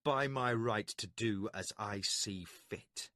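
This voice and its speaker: A man voicing a young male magician who shouts his commands with defiant, controlled rage. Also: medium pitch, animated, moderate pace, dry recording, clean studio sound, close to an everyday voice. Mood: cold defiance.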